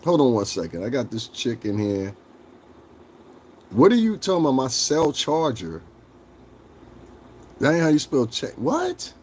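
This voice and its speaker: A man livestreaming casual chat with his viewers, joking, swearing and laughing often as he rambles and acts out quick bits. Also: medium pitch, very animated, darkish tone. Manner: talks straight to chat, rambling with restarts.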